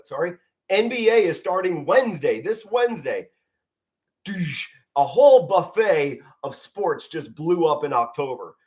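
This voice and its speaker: A middle-aged man from Pennsylvania calling a football game as an amateur play-by-play commentator, passionate and emotional, standing and moving as he talks, sometimes stumbling over his words. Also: high-pitched. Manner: passionate, emotional, stands and moves while talking, occasional stutters. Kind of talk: live fan sports commentary stream. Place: home, standing in front of a flag.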